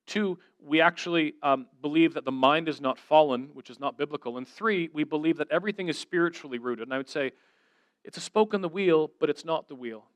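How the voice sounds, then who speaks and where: A man's voice: on the high side, a little fast, no echo. A middle-aged man giving an earnest, conversational sermon as a guest speaker, telling stories and voicing the people he quotes.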